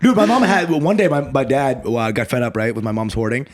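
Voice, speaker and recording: A man co-hosting a comedy podcast, telling animated, profane stories and laughing often. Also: mid-range voice, fairly quick. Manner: animated storyteller, laughs often, swears freely. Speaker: podcast co-host. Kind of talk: casual comedic chat.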